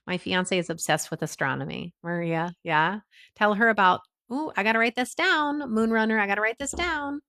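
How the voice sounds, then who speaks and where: A woman's voice: mid-range voice, lively intonation, unhurried, fairly bright tone. A woman hosting a casual livestream, chatting with viewers, reading out their names and comments, and laughing often. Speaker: livestream host.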